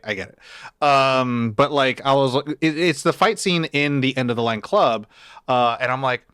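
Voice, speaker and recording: A man co-hosting a casual movie chat, animated, acting out lines in quoted voices. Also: mid-range voice, no echo, studio quality. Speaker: podcast co-host.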